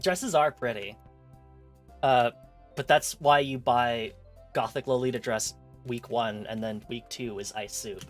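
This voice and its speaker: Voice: medium pitch, measured pace, soft background music. A streamer giving casual game commentary with wry, sarcastic asides.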